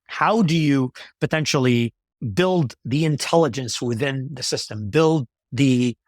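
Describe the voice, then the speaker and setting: A male company executive explaining his ideas in a business interview, in a measured way with many fillers and restarts. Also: mid-range voice, dry recording, studio quality.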